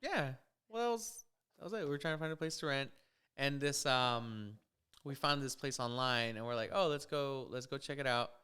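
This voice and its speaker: A man's voice: medium pitch, expressive, moderate pace, pushed and bright, clear, resonant tone. A young adult man co-hosting a podcast, telling a story in an easygoing casual chat. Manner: easygoing, short replies, chatty storyteller. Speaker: podcast co-host.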